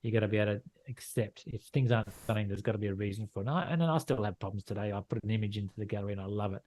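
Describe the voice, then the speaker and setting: A man's voice: fairly low pitch, racing, darkish tone. A middle-aged Australian man from Western Australia, a landscape photographer talking frankly in a casual interview, often repeating and restarting his phrases. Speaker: landscape photographer and gallery owner.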